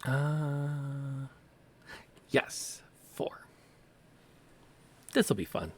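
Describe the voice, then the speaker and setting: A man narrating a streamed tabletop game as game master, in an animated, dramatic storytelling manner. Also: medium pitch, very slow, slight background noise.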